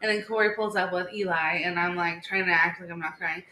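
A woman in her thirties, co-hosting a podcast in casual chat, telling stories in a chatty, animated way with many "like"s. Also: fairly low pitch, a little fast. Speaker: podcast co-host. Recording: echoey room with faint background hiss.

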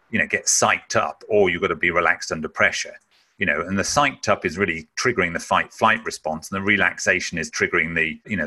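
Man, webinar speaker, husky, very bright tone, emphatic explaining. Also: sits low. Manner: emphatic, acts out breath-holding sounds.

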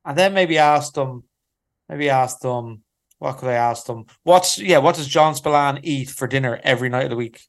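A man's voice: medium pitch, normal speed. A man co-hosting a comedy podcast, rambling and teasing as he tells stories. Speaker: podcast co-host. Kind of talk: casual comedic chat.

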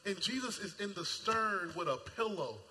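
A man with a high, very bright voice preaches in a casual, playful way, acting out characters and breaking into shouts. His voice rings out with a long hall reverb, and a faint ambient hum sits underneath. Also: normal speed. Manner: animated, acts out voices, shouts at peaks; casual colloquial speech. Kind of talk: sermon.

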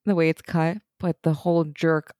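A woman co-hosting a casual podcast recap, her voice low and mellow. She talks animatedly and mocks characters with sarcastic quoted lines. The sound is close and dry. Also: flat delivery, normal speed, no room sound. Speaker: podcast co-host. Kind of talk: casual episode recap chat.

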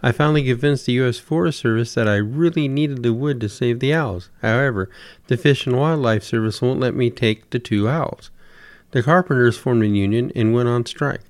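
A man's voice: mid-range voice, normal speed, no echo, natural voice. A man voicing Noah in a told story, an exasperated old man who pleads and lists complaint after complaint. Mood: pleading. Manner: plaintive, listing complaints at length. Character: weary harried biblical Noah, old man.

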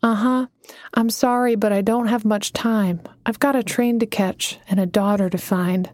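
A woman voicing a warm, upbeat mentor woman who calls people honey, in an audiobook. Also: medium pitch, steady tone, normal speed, no echo, natural voice. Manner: cheerful, calls others honey.

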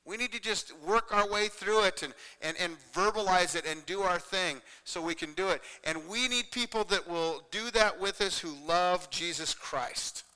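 A pastor giving a conversational sermon to a congregation, earnest and repetitive, often checking in with "okay?". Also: male voice, high-pitched, normal speed, few pauses, pushed and bright, clear, resonant tone, big-room sound, low-quality recording.

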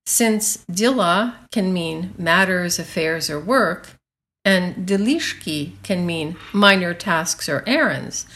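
A woman's voice: mid-range voice, a bit bright. A woman reading her own language column as scripted narration, playfully acting out how each phrase sounds. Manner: playful, acts out tones of the phrases.

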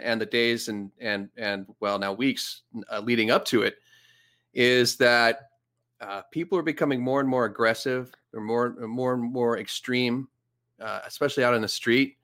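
A man talking in a casual podcast chat, halting and repeating words as he thinks. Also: mid-range voice, a bit bright.

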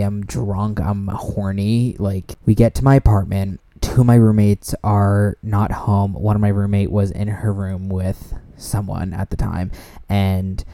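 A young man hosting a podcast, telling a story in a casual, animated way, swearing freely and using lots of fillers. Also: lowish voice, dry recording. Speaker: podcast host.

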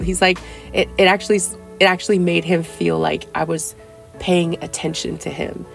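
Chatty woman with a gravelly low voice. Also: fairly even intonation, brisk, faint music behind. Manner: chatty, playful, acts out little dialogues with big pitch jumps. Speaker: podcast host giving dating advice. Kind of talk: casual solo podcast talk.

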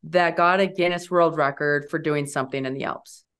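A woman in her forties talks as a podcast guest. She tells her story casually and with energy. Her pitch jumps high when she quotes her own words. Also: moderate pace, smooth. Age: 40s. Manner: animated, leaps high when quoting herself.

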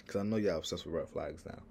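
A man's voice: on the low side, creaky, darkish tone, a little hiss or hum. A young man from Harlem with a New York accent, talking brashly and profanely to his viewers in a rambling, casual monologue full of "like". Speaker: vlogger.

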